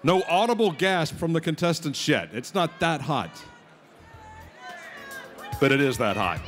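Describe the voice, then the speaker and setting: Faint music plays behind a male emcee at a live eating contest, who speaks over the PA in a fairly high, sing-song voice. He's unhurried, leaving long pauses while he jokes with contestants and rallies the crowd.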